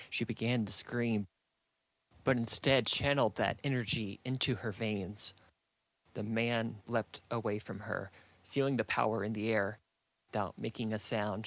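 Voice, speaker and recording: A man narrating a fantasy audiobook in a steady, measured storytelling manner. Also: lowish voice.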